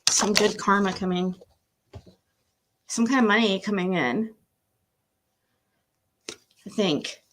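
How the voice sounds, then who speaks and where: A woman's voice: mid-range voice, takes it slowly, long pauses, fairly bright tone, a little hiss or hum. A woman doing a casual tarot-reading livestream at home, emotional and nervous, laughing between readings and talking to her pet.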